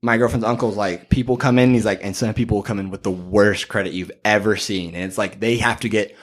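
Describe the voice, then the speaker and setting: Young man telling animated work stories. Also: fairly low pitch, a little fast. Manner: animated storyteller, acts out customers and salesmen. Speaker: podcast guest. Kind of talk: casual chat.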